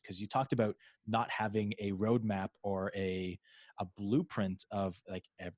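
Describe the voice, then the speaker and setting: A man's voice: on the low side, steady tone, normal speed, darkish tone, no echo. A man hosting a podcast interview, talking casually and rambling with many restarts and fillers. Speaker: podcast host.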